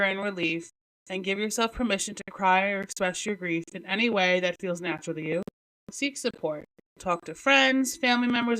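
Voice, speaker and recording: A woman hosting a podcast, talking alone in a halting, emotional way with many restarts, close to tears. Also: mid-range voice, fairly bright tone, rough recording. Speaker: podcast host. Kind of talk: solo podcast talk.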